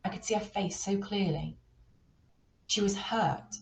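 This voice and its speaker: A woman reading a children's novel aloud, with steady, expressive storytelling. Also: medium pitch, measured pace, vocal fry, roomy sound, rough recording. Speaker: reader.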